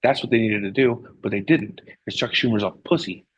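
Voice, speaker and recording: A man co-hosting a casual political talk show, heated, halting and often restarting his sentences. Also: on the low side, slightly rough. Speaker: podcast co-host. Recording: dry, dull lo-fi sound.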